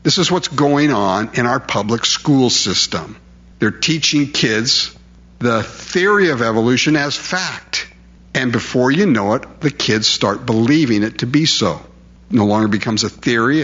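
A man's voice: mid-range voice, a bit bright, muffled recording. Emphatic conversational male preacher. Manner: emphatic, conversational, frequent rhetorical questions. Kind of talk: sermon.

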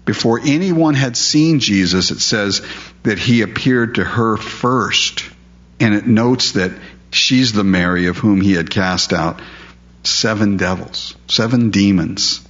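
A man's voice: on the low side, slow pace, fairly bright tone. A man preaching a conversational verse-by-verse sermon, often asking the audience rhetorical questions. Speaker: pastor. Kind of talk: expository sermon. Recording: dull lo-fi recording.

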